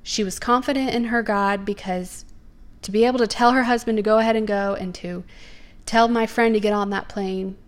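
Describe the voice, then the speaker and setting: A woman's voice: mid-range voice, fairly even intonation, moderate pace. Young woman sharing a faith story, earnest, leans on key words. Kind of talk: personal faith testimony.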